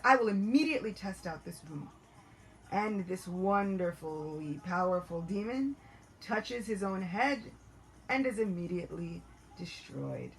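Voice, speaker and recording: A woman narrating a devotional story in an animated, expressive way. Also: on the low side, slight background noise, poor audio.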